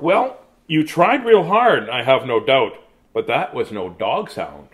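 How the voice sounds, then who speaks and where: A man's voice: mid-range voice, sing-song, slow pace. A man voicing a bossy female dog who coaches a friend, in an emphatic, teasing storybook voice.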